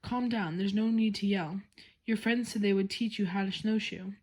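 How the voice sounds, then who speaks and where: A woman voicing a calm, encouraging father reassuring his son in a children's storybook reading. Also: mid-range voice, normal speed, lightly acted.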